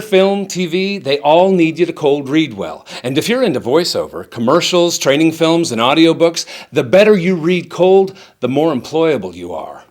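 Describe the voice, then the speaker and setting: Lively, animated acting coach, a man. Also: fairly high pitch. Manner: lively, playful, emphatic delivery. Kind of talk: scripted acting tip read from a teleprompter.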